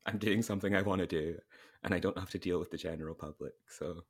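A young man, co-hosting a podcast in casual chat with wry, deadpan quips. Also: deep voice, fast talker, husky. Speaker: podcast co-host.

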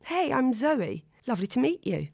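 A woman reading aloud and voicing a warm, polite young hostess. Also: high voice, very animated, moderate pace, gravelly, breathy edge, dry recording, studio quality, voice pushed up, exaggerated voice. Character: kind, flustered young hostess.

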